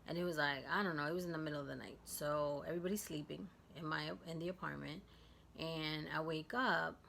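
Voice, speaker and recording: A woman from Guatemala telling a personal story in a vlog, soft and halting, with many fillers. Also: sits low, fairly even intonation, creaky, a little hiss or hum. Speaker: vlogger.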